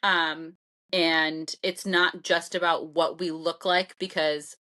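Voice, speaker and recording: A woman's voice: low voice, flat delivery, takes it slowly, pushed and bright. A woman from the co-hosting a podcast, talking bluntly and emphatically in casual chat and swearing freely. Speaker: podcast co-host.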